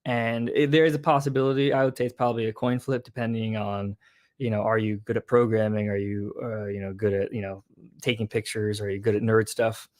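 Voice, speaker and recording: A man talking casually on an online show, deadpan and blunt, repeating his points flatly. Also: fairly low pitch, brisk. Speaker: show guest explaining a theory.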